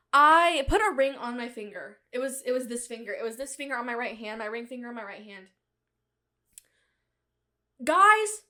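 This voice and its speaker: A woman's voice: fairly high pitch, a bit bright. A young woman hosting her own show, telling a rambling comic story in a bubbly, self-mocking way with frequent laughs. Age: young adult. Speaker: podcast host. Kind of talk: casual comedic monologue.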